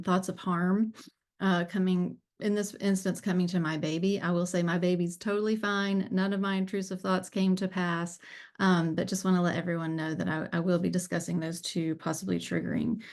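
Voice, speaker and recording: Female guest speaker on a video call, from Appalachian North Carolina, lower voice, candid and earnest. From Southern Appalachian North Carolina. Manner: earnest, candid, with frequent ums and restarts. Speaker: guest speaker, peer support program director. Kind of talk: personal testimony in a webinar.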